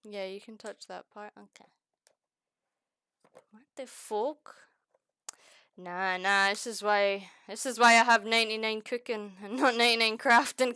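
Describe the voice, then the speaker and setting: Young Scottish woman streamer, crisp and bright, dry close mic, excitable and sweary. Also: a little high, unhurried, dry recording. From Scotland. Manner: excitable, exclaiming and swearing often. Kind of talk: casual crafting chat.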